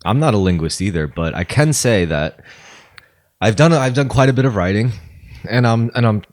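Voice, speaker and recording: Deep-voiced laughing podcast co-host man. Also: animated, normal speed, a little mellow. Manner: laughs often, rambling, trails off. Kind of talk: casual chat.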